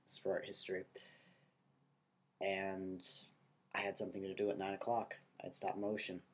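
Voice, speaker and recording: A young man with a stuffy nose and a nasal voice, talking softly and rambling in a casual video diary. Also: deep voice, completely flat delivery, normal speed. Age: young adult. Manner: talks softly, rambling with fillers. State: stuffy-nosed from allergies. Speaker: college student vlogger.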